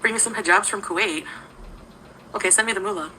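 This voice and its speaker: A woman's voice: medium pitch, fast, bright, forceful tone, slight background noise, low-quality recording. A woman talking casually on a livestream, greeting viewers by name and giggling often.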